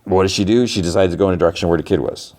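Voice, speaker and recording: A man's voice: low-pitched, very fast, a little mellow. A man hosting a podcast, recapping a TV episode in a loose, rambling way full of fillers and restarts. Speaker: podcast host.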